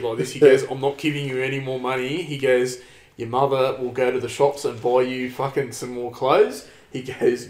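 A man's voice: medium pitch, moderate pace, echoey room. An Australian man telling a long story in casual chat, rambling and sweary, peppering his talk with "man" and "like".

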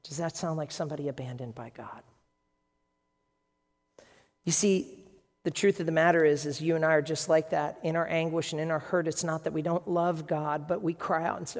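A pastor preaching a sermon in a dramatic, conversational storytelling way, dropping to a hush and rising again. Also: medium pitch, steady tone, normal speed. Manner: dramatic, acts out voices in quotes, swings from hushed to loud. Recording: long reverb of a large hall.

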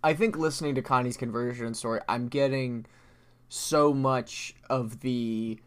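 A man's voice: medium pitch, fairly even intonation, unhurried. Chatty man laughing between thoughts. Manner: chatty, laughs easily, many fillers. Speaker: podcast co-host. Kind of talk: casual chat.

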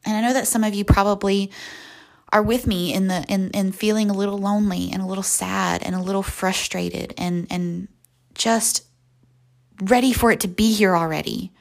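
Soft-spoken woman with a gravelly edge. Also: mid-range voice, fairly even intonation. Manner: slow, soft and reflective, often near a whisper. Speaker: podcast host. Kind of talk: guided visualization and devotional talk.

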